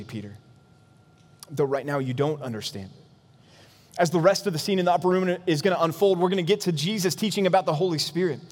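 A man's voice: high-pitched, big-room sound. A man pastor preaching an earnest, emphatic sermon in a church.

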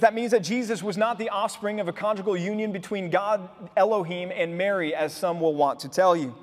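A pastor with a notably high voice preaches to his congregation. He explains the scripture earnestly and keeps stopping to put rhetorical questions to his listeners. His voice carries through the long reverb of a church hall. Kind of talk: sermon.

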